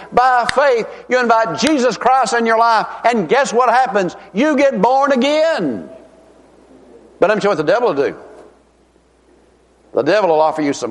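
An extremely high-pitched, somewhat bright male voice belongs to a middle-aged evangelist preaching a revival sermon. He is folksy and emphatic, lengthening the key words, and the long reverb of a large hall fills the recording.

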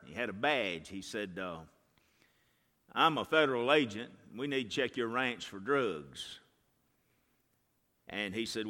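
Male preacher, folksy sermon voice, animated pitch, echoing hall. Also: a little slow, pauses often. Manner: folksy storytelling, swings from hushed to shouting. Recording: reverberant hall.

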